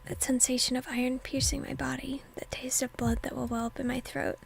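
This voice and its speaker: A woman reading a teenage boy's inner monologue from a visual novel in a hushed, whispery voice, bitter and defiant. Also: sits high, little pitch movement, fairly quick, creaky, a little hiss or hum. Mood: grim. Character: teenage boy hero facing death, angry.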